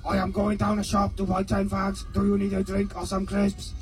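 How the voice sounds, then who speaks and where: A man playing an unhinged man who believes he is a robot, speaking in a stiff, robotic monotone. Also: high voice, moderate pace. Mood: deadpan robotic. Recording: under loud hip hop music.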